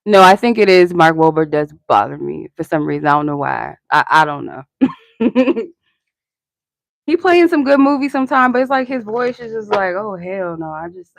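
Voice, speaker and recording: A woman's voice: fairly low pitch, sing-song, moderate pace, gravelly, dry recording, clean studio sound. A young woman hosting a live-stream tarot reading, chatty and rambling, answering her chat and laughing often.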